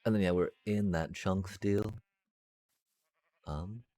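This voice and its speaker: A man's voice: low voice, steady tone, slow, mellow, no echo. A man live-streaming a block-building game, thinking aloud to his chat and humming little sound effects as he works. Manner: addresses chat, muttering and trailing off. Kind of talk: casual live-stream commentary while building.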